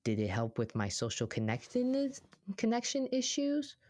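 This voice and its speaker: A therapist co-hosting a podcast, chatting casually and telling everyday stories with lively acted-out quotes. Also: mid-range voice, normal speed, dry recording, clean studio sound. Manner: animated storyteller who acts out quoted voices.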